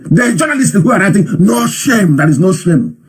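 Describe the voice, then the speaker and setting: A man's voice: high voice, big pitch swings, normal speed, slightly rough. A man giving impassioned live commentary, scolding his listeners with fiery rhetorical questions.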